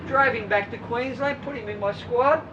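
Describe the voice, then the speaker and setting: A woman's voice: fairly high pitch, moderate pace, highs cut off. Blunt woman swim coach, distant. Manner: blunt, rhetorical questions, acts out swimmers' voices. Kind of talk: coaching talk to a squad. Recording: distant mic with vehicle noise behind.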